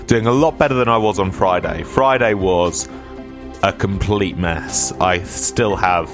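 A man's voice: low voice, a little slow, music in the background. Rambling radio host, man. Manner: rambling, self-deprecating, chatty asides. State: slightly stuffy from a cold. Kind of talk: casual radio chat and weather reading.

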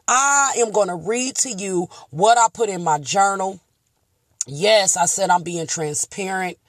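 A woman hosting a faith-based motivational talk in a preacherly, emotional way, moving from hushed tearful prayer to loud bold declarations. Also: fairly low pitch, no room sound. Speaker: motivational podcast host.

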